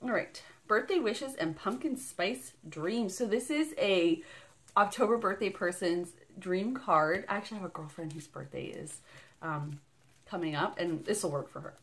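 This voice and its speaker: A woman's voice: mid-range voice, normal speed. A woman vlogging an unboxing in a casual, bubbly and rambling way, gushing over each item. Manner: bubbly and gushing, squealing with delight; rambling and chatty.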